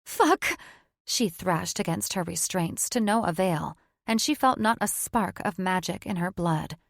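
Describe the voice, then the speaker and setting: A woman's voice: lowish voice, moderate pace, vocal fry, no echo. Woman narrating a fantasy audiobook, dry. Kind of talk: scripted narration.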